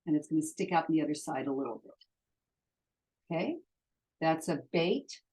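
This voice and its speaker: A woman gives a patient, step-by-step writing lesson. Her voice sits a little low and she talks very slowly, pausing between strokes as she demonstrates each one. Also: expressive, warm tone, low-quality recording. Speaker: Hebrew teacher.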